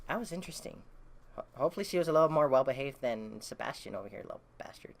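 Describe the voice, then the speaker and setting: A woman's voice: very deep voice, lively intonation, rapid-fire, gravelly. A woman casually recapping a comic book, rambling with many fillers and the odd curse.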